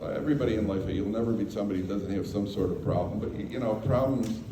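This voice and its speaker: The lowish-voiced American rabbi rattles along rapid-fire, entertaining a lecture-hall audience with a Torah talk full of funny stories, asides, and acted-out exchanges. There's background noise, and the mic sits far off in the echoey room.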